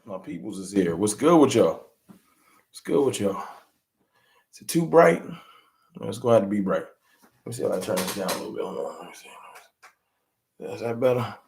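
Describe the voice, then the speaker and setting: A man's voice: mid-range voice, a little mellow. A man hosting a casual livestream, greeting chat members by name and chatting in a laid-back way. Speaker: livestream host.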